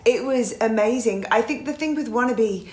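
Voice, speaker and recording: A woman's voice: on the high side, normal speed, roomy sound, soft background music. A woman in her forties from England, a singer chatting in an interview and telling stories. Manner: chatty, warm-hearted storytelling with laughs. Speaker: guest singer. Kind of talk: casual interview chat.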